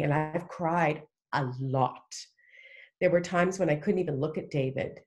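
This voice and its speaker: Middle-aged woman, low voice, earnest heartfelt talk, podcast guest. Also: measured pace, darkish tone. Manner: earnest, heartfelt, emphatic with restarts. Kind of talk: casual faith conversation.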